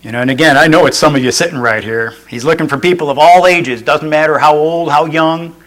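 A man's voice: a little high, fairly quick, fairly bright tone, low-quality recording. A male pastor preaching a sermon in an earnest way. He restates each point and adds folksy asides.

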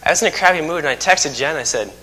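A man's voice: a little high, animated, fast talker, pushed and bright. A man in his thirties preaching a sermon, telling folksy stories with self-mocking humor. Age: 30s. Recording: long hall reverb.

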